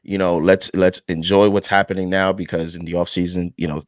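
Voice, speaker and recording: Low-voiced man talking sports. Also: little pitch movement, dry recording. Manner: measured, says "you know" often. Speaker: podcast panelist. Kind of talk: casual sports discussion.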